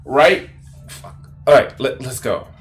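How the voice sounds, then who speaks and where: A man's voice: mid-range voice, expressive, slow pace. A man streaming and reacting to a video in casual, profane, incredulous commentary.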